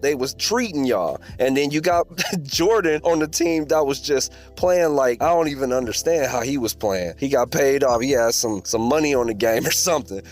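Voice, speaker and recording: Man, emphatic sports commentary, lively rising and falling voice, music underneath. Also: a little high. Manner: emphatic, conversational, preachy asides. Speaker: commentary channel host.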